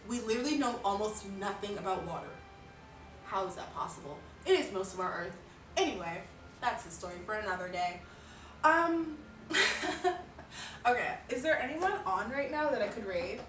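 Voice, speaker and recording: On a live stream, a young woman chats casually, rambling and giggling with plenty of filler words. Her mid-range voice sounds far from the mic in a roomy space, with music playing behind her.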